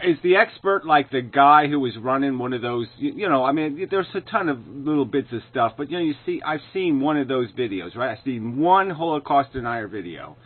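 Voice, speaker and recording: Profane ranting man, tinny sound. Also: mid-range voice. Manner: profane, sarcastic, shouting in bursts. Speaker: video commentator. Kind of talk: angry ranting commentary.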